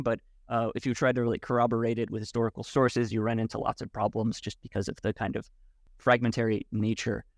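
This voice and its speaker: Man, podcast guest, halting thoughtful speech, medium pitch, dry close recording. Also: a little mellow, dry recording. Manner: thoughtful, halting, many restarts. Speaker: podcast guest, Wudang martial arts teacher. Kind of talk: casual conversation.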